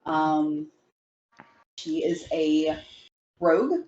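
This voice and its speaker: A woman talks slowly and hesitantly, with a slightly low voice, giggles and dry humor. The sound is roomy and a bit muffled. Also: darkish tone, a little hiss or hum. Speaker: player. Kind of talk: casual game chat.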